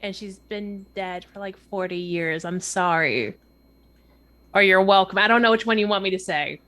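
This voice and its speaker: A woman's voice: medium pitch, moderate pace, fairly bright tone. A woman playing a tabletop game, talking in brash, sarcastic banter. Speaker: player. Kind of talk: tabletop role-play.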